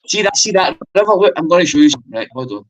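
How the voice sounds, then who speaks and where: A man with a Glaswegian accent, arguing in loud, sweary banter on a livestream. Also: high-pitched, very fast, rough recording. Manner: argumentative, sweary, excitable. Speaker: livestream guest. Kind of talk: heated banter.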